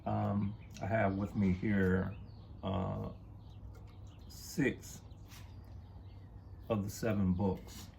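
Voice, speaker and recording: Slow deep-ish guy with a really gravelly voice, lots of ums, noisy background. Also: level tone, mellow. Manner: slow, halting, many fillers. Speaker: co-host of a history talk channel. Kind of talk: casual talk, showing books to camera.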